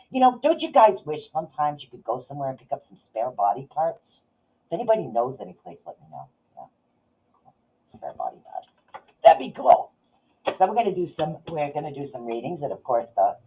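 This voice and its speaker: A woman's voice: very deep voice, mellow, slightly rough. Chatty woman on lo-fi audio. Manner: rambling, chatty, laughs often. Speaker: podcast host and psychic reader. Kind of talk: casual livestream chat. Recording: dull lo-fi audio.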